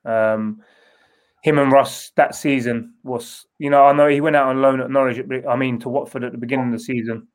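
A man's voice: medium pitch, fairly even intonation, fairly quick, rough recording. A man, a former footballer answering interview questions in a loose, rambling way with many restarts. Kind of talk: casual interview.

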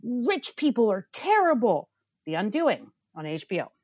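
A woman's voice: a little high, sing-song, moderate pace, a little mellow, slightly rough, dry recording, muffled recording. A woman co-hosting a podcast, giving blunt, profane, opinionated reviews in casual chat and ranting with bursts of laughter. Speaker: podcast co-host.

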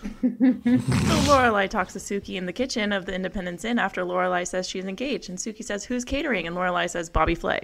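A woman hosting a podcast, briskly reading trivia notes. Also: mid-range voice, creaky, noisy background. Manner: brisk and informative. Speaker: podcast host.

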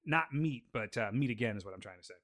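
A man's voice: medium pitch, lively intonation, quick pace, a bit bright. A man hosting a casual podcast who jokes and rambles as he breaks down scenes from a show. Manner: laid-back, joking, rambling. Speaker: podcast host. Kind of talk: casual chat and episode breakdown.

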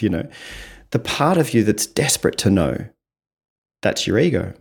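A man's voice: mid-range voice, a little fast, gravelly, pauses often, breathy edge. A man, a visiting communication coach explaining ideas step by step in an interview. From Australia. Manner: explains step by step, often tags with "right?", animated when acting out examples.

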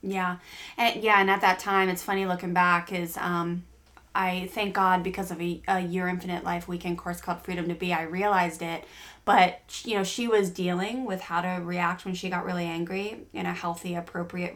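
A woman's voice: lowish voice, a bit bright. A middle-aged woman hosting a parenting podcast, telling a family story in a chatty way with many fillers and restarts. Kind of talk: casual podcast chat.

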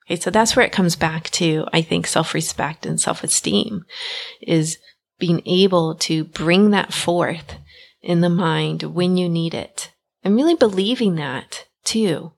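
A woman's voice: lowish voice, unhurried, creaky. A woman hosting a self-help podcast, talking directly and encouragingly in a conversational way. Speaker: podcast host.

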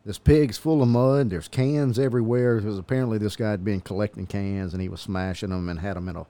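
A man with a low, dark, mellow voice tells a rambling story in casual conversation. He is a police officer who often chuckles as he goes. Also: fairly even intonation, brisk. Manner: chuckling, meandering anecdote-telling.

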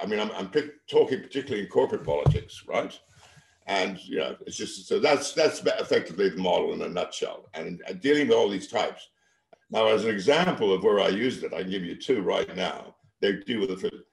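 Older man, deep and gravelly, spinning brisk anecdotes in a roomy echo. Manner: energetic anecdotes with many restarts and tag questions. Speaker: interview guest, venture capitalist. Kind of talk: storytelling in conversation. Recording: echoey room.

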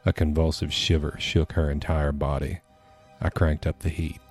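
A man narrating a scary story for a podcast in a steady, measured reading. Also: a bass voice, faint music behind. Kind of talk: scripted horror story narration.

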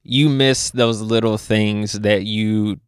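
A young man from Louisville chats as a podcast guest, spinning lively stories and laughing along the way. His voice sits a little low and sounds smooth and clear. The recording is dry and close. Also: no echo. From Louisville, Kentucky. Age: young adult. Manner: animated storyteller, laughs often, quick asides. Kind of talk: casual conversation.

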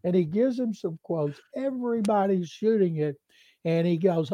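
A man telling a long sports anecdote on a podcast, animated and acting out the quoted voices. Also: sits high, moderate pace, no room sound, lo-fi sound. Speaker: beat reporter and co-host.

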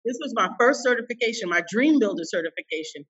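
A woman coach, a guest in an interview, telling a personal story in an emphatic, expressive way. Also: a little high, fast talker, breathy edge, far from the mic, highs cut off.

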